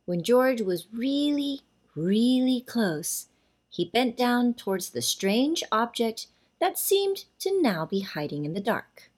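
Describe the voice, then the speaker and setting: A woman reading a children's story aloud, with slow, animated storybook narration. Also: on the high side, breathy edge.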